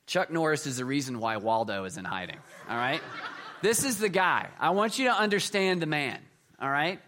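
A middle-aged man preaching a sermon, telling jokey stories and swinging between loud emphasis and quiet asides. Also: a little high, lively intonation, moderate pace. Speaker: pastor.

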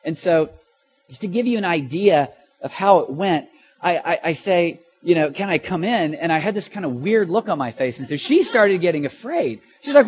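A middle-aged man preaching a sermon, telling a personal story in an animated way that swings from loud to hushed, with stammers and restarts. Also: sits high, normal speed, slightly rough. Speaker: pastor.

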